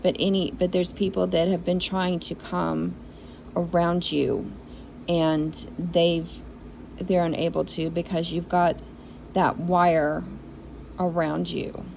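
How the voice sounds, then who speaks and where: A woman doing an intuitive reading for zodiac signs in a slow, unhurried delivery. Her voice sits fairly low and has a gravelly fry to it. She speaks in an encouraging, repetitive and heartfelt way, over a faint hum of noise. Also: little pitch movement, a little mellow, muffled recording. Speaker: intuitive reader.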